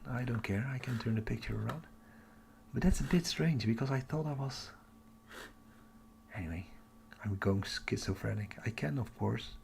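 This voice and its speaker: Gravelly excited man thinking aloud. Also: mid-range voice, a little hiss or hum. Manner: excited, thinking aloud, drops to a whisper at times. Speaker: astronomy livestream host. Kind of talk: live-streamed casual chat. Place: home at night.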